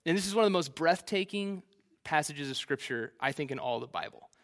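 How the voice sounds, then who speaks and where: A male preacher with a somewhat high-pitched voice delivers a sermon in a casual, conversational way. He retells the text in relaxed, slangy everyday words and drops playful asides as he goes. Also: brisk.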